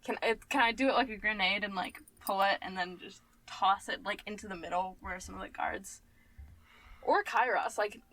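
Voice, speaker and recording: A woman playing a tabletop game, casual, excitable, and quick to swear. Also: medium pitch, poor audio. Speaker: player.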